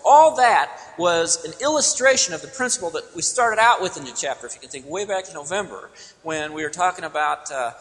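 A man preaching in a church, with a bright, slightly high voice. He teaches emphatically, asking questions and then answering them himself. His voice rings out with a long hall reverb. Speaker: pastor. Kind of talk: expository sermon.

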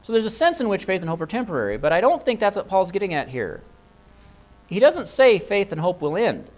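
A man's voice: sits high, very animated, brisk, poor audio. A man preaching an expository sermon, earnest and thinking aloud, with rhetorical questions and frequent restarts. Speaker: pastor.

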